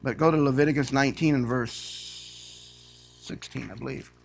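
A man preaching a sermon to a church congregation. He reads scripture aloud and rises to loud, emphatic preaching. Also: medium pitch, fairly even intonation, normal speed, gravelly. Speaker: guest preacher.

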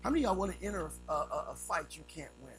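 Gravelly high-voiced preacher. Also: male voice, big pitch swings, rapid-fire, soft background music, low-quality recording. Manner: storytelling with vivid sound effects, swings between loud and hushed. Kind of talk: sermon.

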